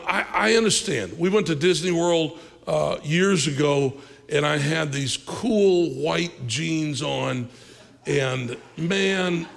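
Gravelly-voiced male pastor preaching in a reverberant hall. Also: fairly high pitch. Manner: animated, conversational preaching with asides and laughs. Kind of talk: sermon.

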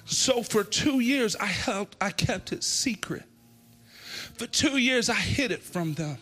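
A man preaching an impassioned sermon and altar call in a church, often shouting with a sing-song preaching cadence. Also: high voice, lively intonation, slow, soft background music. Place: church sanctuary.

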